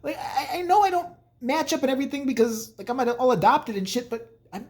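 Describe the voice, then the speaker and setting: A man's voice: very high voice, fairly quick, hardly any pauses. A man in his thirties telling rambling, profane, jokey stories in a casual monologue. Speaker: vlogger.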